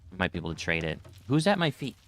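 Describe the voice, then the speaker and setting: Low-pitched but full of big pitch swings, a man races through casual let's-play commentary while streaming a video game. He chats and reads in-game notes aloud into a desk mic at his computer, with background noise present.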